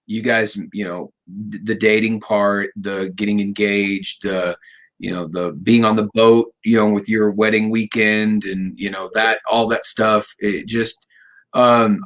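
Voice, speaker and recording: A middle-aged man hosting a casual interview, rambling warmly through personal stories and cracking jokes. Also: lowish voice. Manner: rambling, storytelling, jokey. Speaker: radio show host.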